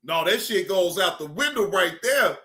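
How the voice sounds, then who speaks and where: A man hosting a reaction channel, excitable and profane, laughing often as he comments. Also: high-pitched, normal speed, reverberant.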